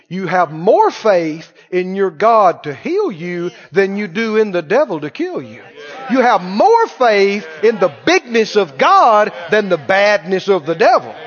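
A man preaching with a very high voice that leaps up and down as he talks. He is fiery and colloquial and throws in mocking asides. The recording sounds dull and lo-fi. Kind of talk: sermon.

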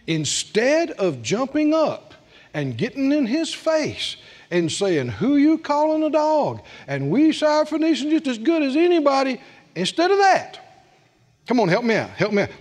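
With a husky voice and a big-room sound, a man preaches a sermon and calls on the congregation to answer back. He swings between loud bursts and quiet, low lines.

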